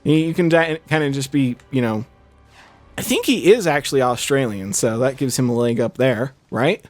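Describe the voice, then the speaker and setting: A man's voice: mid-range voice, animated, normal speed, no room sound, soft background music. A young man chatting casually over a game he is playing, rambling with many fillers and restarts. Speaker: gaming channel host. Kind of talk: casual let's-play commentary.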